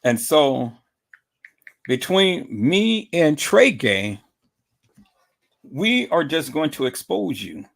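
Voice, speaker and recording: A man's voice: on the high side, big pitch swings, extremely slow, creaky, long pauses. A man hosting a livestream, taunting and repetitive as he calls out a rival and greets viewers in chat. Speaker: livestream host.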